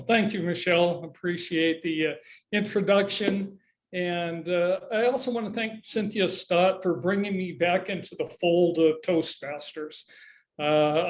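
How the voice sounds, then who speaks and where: An older man from Southern California giving a personal introductory speech, with hesitant pauses and fillers, over a video call. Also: high-pitched. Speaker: demonstration speaker.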